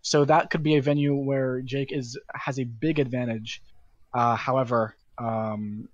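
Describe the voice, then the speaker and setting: A male esports caster talking through stats live, pausing on "um" and "uh" and restarting his thoughts. His audio comes through dull and muffled, with a dry, close sound. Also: medium pitch, level tone, dry recording. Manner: filler-heavy, thinks aloud, restarts often. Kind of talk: live game commentary.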